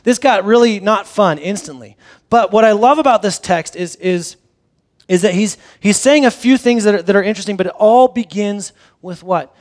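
A man with a fairly high voice delivers a sermon in a relaxed, talky way. He moves between reading scripture and animated asides, with a lot of back-and-forth energy in his delivery. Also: normal speed. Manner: conversational, animated, acts out the disciples' reactions. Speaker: pastor.

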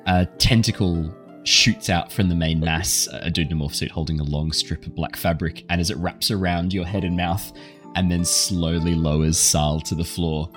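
A man's voice: sits low, fairly even intonation, normal speed, soft background music. A man narrating a tabletop game as game master, rambling with fillers and chuckles.

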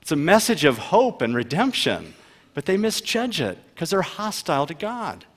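A man preaching a sermon as pastor, emphatic, asking rhetorical questions and swinging between loud and soft delivery. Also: on the high side, huge pitch swings, normal speed. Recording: long reverb of a large hall.

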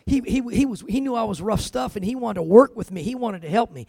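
A man's voice: high-pitched, expressive, fast, gravelly, hardly any pauses, mellow, no echo. A man preaching a sermon, telling his own story with emphasis and dropping in "amen" and "man" as he goes. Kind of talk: sermon with personal testimony.

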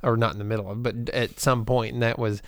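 A man's voice: medium pitch, little pitch movement, quick pace, no room sound, studio quality. A man co-hosting a podcast, joking dryly in a casual chat about a film. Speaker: podcast co-host.

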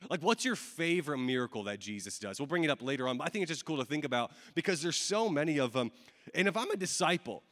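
A man's voice: fairly high pitch, animated, quick pace, fairly bright tone. Casual preaching man in an echoey hall. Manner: casual, conversational preaching with many fillers. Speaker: pastor. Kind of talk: sermon. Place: church hall with audience. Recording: long hall reverb.

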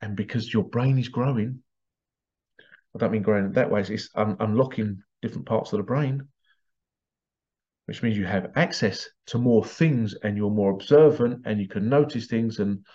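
A man's voice: on the low side, normal speed, warm tone, lo-fi sound. Rambling man with vocal sound effects. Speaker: podcast host. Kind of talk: casual rambling monologue.

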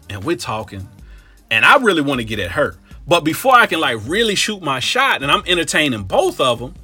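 A man from Cincinnati telling a comic story in slangy, profane talk, full of animated asides. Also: on the high side, husky. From Cincinnati, Ohio.

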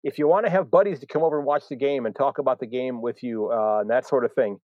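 A man's voice: mid-range voice, quick pace, dry recording, lo-fi sound. An American man hosting a live podcast, talking in a rambling way with many fillers and restarts. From United States. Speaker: podcast host.

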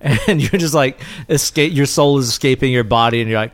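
A man's voice: medium pitch, a little fast, dry recording. A man co-hosting a casual movie podcast, laid-back, swearing often and laughing as he talks. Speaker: podcast co-host.

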